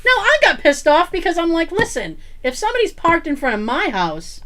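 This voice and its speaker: A podcast co-host with a very high-pitched, brisk voice tells a story during a casual chat. She's animated, acting out what people said and laughing often.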